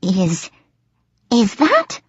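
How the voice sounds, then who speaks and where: A fussy little tree sprite with a rough, squeaky voice, put on by a woman narrator. His pitch leaps about in a suspicious, jittery way. The storybook recording sounds dry and slightly dull. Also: huge pitch swings, very slow, no echo, full character voice. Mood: astonished.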